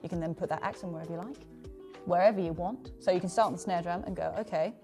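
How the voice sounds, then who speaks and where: A woman's voice: lowish voice, fairly even intonation, fast, loud music behind the voice. A woman teaching drums in a casual one-on-one lesson, counting beats aloud and checking the learner keeps up. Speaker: drum teacher.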